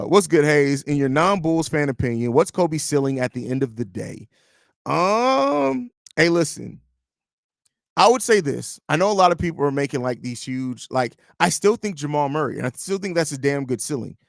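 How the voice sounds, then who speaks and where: A man's voice: mid-range voice, lively intonation, normal speed, vocal fry, no echo, clean studio sound. A man in his thirties hosting a live sports podcast, chatting loosely and telling jokey stories with swearing. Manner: loose, joking, storytelling with swearing. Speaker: podcast host. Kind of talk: casual live-stream chat.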